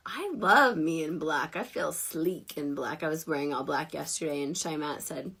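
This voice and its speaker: A woman in her thirties hosting a casual livestream, chatty and giggly, self-deprecating, sounding tired and low on energy. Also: normal speed, hardly any pauses, a bit bright, husky. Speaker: network marketing livestream host.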